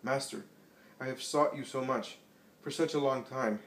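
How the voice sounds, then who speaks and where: A man's voice: medium pitch, moderate pace, lightly acted. A man voicing a poor, ailing, heavy-set man who pleads breathlessly for healing, recorded in an echoey room from a distance. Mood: pleading. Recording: echoey room, distant mic, faint hiss.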